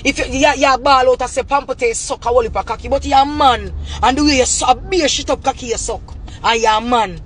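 A woman's voice: sits high, brisk, breathy edge. A woman with a Jamaican Patois accent delivering an angry, profane, repetitive rant straight to camera. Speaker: vlogger.

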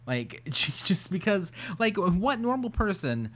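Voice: mid-range voice, big pitch swings, measured pace, fairly bright tone. A reaction commentator talking over a clip with dry, sarcastic remarks and frequent laughter.

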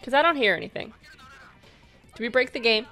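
A woman's voice: on the high side, expressive, fairly quick, sharp tone, faint music behind. A young woman streaming a retro game, laughing and groaning in frustration as she plays. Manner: laughing, exasperated, swearing in frustration. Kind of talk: casual gaming stream chat.

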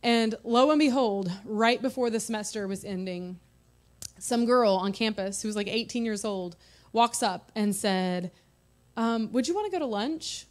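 A woman's voice: medium pitch, unhurried. A woman in her thirties giving an earnest, conversational personal testimony in church. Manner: earnest, conversational, heartfelt storytelling.

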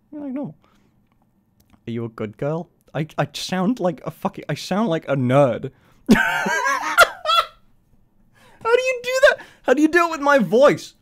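Slightly high-voiced, this twenty-something man talks casually during a live stream. Cursing without restraint and laughing a lot, he wanders from point to point in a self-aware, rambling way.

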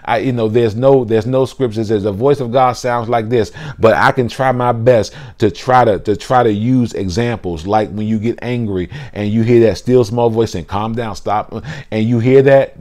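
A man preaching a casual livestream sermon from his phone, animated and repetitive, stumbling and restarting often. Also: mid-range voice. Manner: animated preaching, repeats words and restarts, casual Southern-style "y'all". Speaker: pastor.

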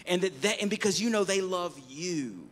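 Brief: male pastor, high voice, emphatic sermon delivery with restarts. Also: animated, moderate pace. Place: church, live-streamed service.

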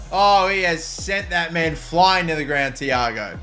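A young man commentating his own football video game match, joking casually and bursting into shouts at goals. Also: fairly high pitch, a little slow, soft background music. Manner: excitable, jokey, jumps to shouts at goals. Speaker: gaming YouTuber.

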